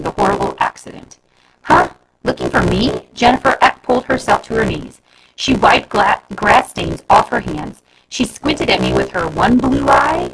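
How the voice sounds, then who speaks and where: A woman reading a children's chapter book aloud in an expressive way, with background noise. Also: a little high, creaky. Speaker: reader.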